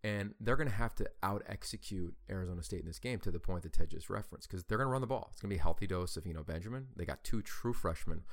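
A man co-hosting a college football talk show, speaking in an energetic, animated way. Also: deep voice, fast, few pauses. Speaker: college football show co-host, play-by-play announcer. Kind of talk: casual sports talk.

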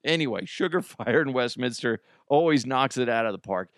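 A man in his thirties, hosting a radio show in casual chat, telling stories with animated put-on quotes and reading an ad. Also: medium pitch, a little fast, few pauses, no room sound, studio quality. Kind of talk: casual chat and live-read ad.

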